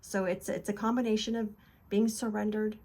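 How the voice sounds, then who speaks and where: A woman's voice: medium pitch, flat delivery, moderate pace, a little mellow. A woman hosting a casual devotional talk, earnest and encouraging, retelling scripture in loose conversational words. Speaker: devotional video host.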